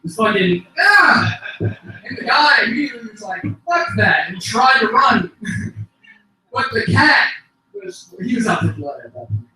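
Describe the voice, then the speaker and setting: A young man tells rambling stand-up stories at an open mic, now and then erupting into shouts and laughing at his own jokes. His voice sits high and sharp. It was recorded from far off in a very echoey venue. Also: big pitch swings, normal speed. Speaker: stand-up comedian. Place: small comedy venue.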